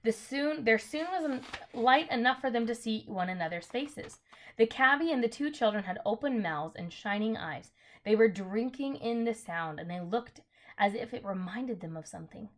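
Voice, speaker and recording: A woman's voice: on the high side, expressive, normal speed. Woman, storybook reader, casual, self-correcting, chatty asides. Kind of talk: reading a children's novel aloud.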